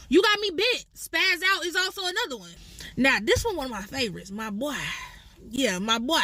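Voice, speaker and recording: A woman with a Chicago accent talks in a high, bright voice, breaking down slang with comic, profane energy. Her voice is recorded close and dry, with no room sound. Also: brisk, dry recording. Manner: animated, profane, playful. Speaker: vlogger explaining slang. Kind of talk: casual comedic explainer.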